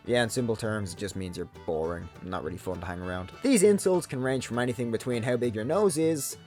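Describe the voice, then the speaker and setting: Young irish guy doing a jokey scripted vlog voiceover, bouncy up and down delivery, bit of music faintly behind. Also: medium pitch. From Ireland. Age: young adult. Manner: sarcastic, deadpan asides. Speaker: comedy vlog host. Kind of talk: scripted comedic narration.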